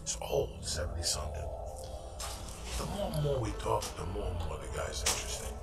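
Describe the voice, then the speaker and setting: A man hosting a podcast, telling a story in a loud, animated and profane way. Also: deep voice, a little fast, creaky, whispered, over loud music. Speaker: podcast host. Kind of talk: casual storytelling chat.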